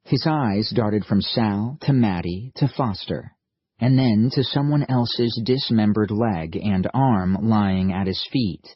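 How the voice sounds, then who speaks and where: A man reading an audiobook as narrator, telling the story in a steady, even way. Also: fairly low pitch, breathy edge, no room sound. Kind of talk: scripted narration. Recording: slightly muffled lo-fi audio, dry.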